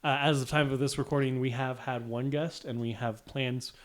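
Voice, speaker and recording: A man's voice: mid-range voice, fairly even intonation, moderate pace. A man co-hosting a podcast in casual chat with a dry, offhand manner. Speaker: podcast co-host.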